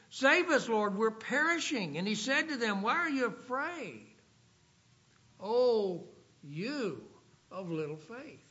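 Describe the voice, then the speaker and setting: A man preaching a sermon, reading scripture aloud and slowing down for emphasis. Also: high voice, sharp tone. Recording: dull lo-fi recording.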